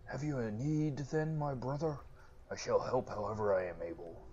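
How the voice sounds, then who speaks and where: A man's voice: mid-range voice, normal speed, a little mellow, voice pushed up, close to an everyday voice. A man voicing a formal, gracious male temple priest with archaic, storytelling speech, in a lo-fi let's-play recording. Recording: lo-fi with game music behind.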